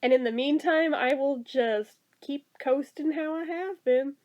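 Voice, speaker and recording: A woman's voice: high-pitched, unhurried, darkish tone, lo-fi sound. A woman vlogger in a casual chat, self-deprecating and giggly as she talks about her day.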